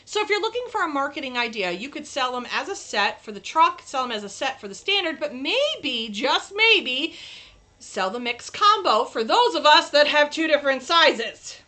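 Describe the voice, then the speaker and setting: A woman's voice: sits high, big pitch swings, normal speed, pushed and bright. A woman hosting a casual crafting livestream, chatting to viewers while she demonstrates her projects. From New York State.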